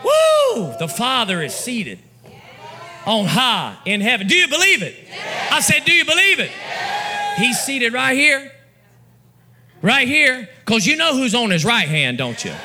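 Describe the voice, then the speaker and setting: A man preaching a fervent sermon in a church, building to shouts and breaking into tongues. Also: extremely high pitch, sing-song, unhurried, pauses often, crowd noise, background noise. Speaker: pastor. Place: church sanctuary.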